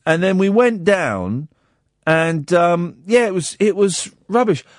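A man hosting a late radio phone-in, his pitch jumping around in a lively, animated way. He jokes and rambles with plenty of ums and restarts, close to a dry studio mic with no room sound at all. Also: takes it slowly, dry recording. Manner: animated, jokey, lots of fillers and restarts. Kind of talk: casual radio chat.

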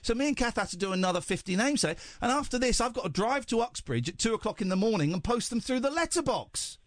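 Jokey radio host, lively pitch. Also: male voice, fast, no room sound, studio quality. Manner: jokey, teasing, rambling. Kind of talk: late-night call-in banter.

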